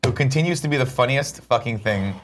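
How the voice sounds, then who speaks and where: A man's voice: mid-range voice, lively intonation, brisk, a bit bright, slight background noise. A man co-hosting a casual morning show, talking in an emphatic, rambling way and swearing freely. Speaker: co-host. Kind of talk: casual chat.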